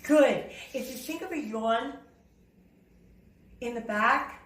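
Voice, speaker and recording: A woman vocal coach teaching a singing lesson, talking in a lively, demonstrative way and breaking into sung and shouted examples. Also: a little high, takes it slowly. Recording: roomy sound, slightly distant from the mic.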